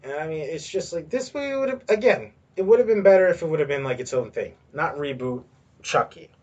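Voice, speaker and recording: A man's voice: on the high side, animated, a little fast, a little mellow, muffled recording. A man hosting a podcast on his own, ranting in a rambling way with lots of swearing and filler words. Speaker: podcast host. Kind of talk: solo ranting commentary.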